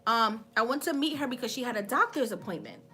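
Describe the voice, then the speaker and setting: A chatty woman in her thirties hosts a casual livestream, greeting viewers and laughing through a story. Her voice sits high and sounds bright. Faint music plays behind her. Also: expressive, quick pace. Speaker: livestream host.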